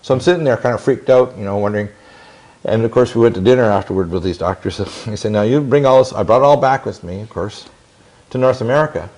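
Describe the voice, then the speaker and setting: A man's voice: fairly low pitch, fast talker, a little mellow. A man in his sixties telling long stories in an interview, intense and rambling, with many restarts and quoted dialogue. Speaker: interview guest. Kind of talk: long-winded interview storytelling.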